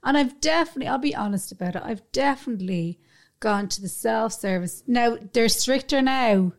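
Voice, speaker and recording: A woman's voice: on the high side, animated, moderate pace. A woman in her thirties with an Irish accent, co-hosting a casual chat podcast, chatty and swearing freely. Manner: chatty, swears freely, acts out quoted asides. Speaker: podcast co-host.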